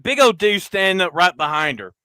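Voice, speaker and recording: A man hosting a podcast, telling a crude story loudly and acting out the other people in it. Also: high voice, a little fast, smooth, dry recording. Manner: loud, crude, animated storyteller, acting out quoted voices. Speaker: podcast host. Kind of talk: casual storytelling chat.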